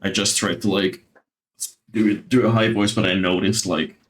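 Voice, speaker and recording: A man's voice: on the low side, fairly even intonation, normal speed. A man streaming a theme-park building game, chatting casually with lots of fillers and the odd swear. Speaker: gaming streamer. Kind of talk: casual gameplay commentary. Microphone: desktop mic.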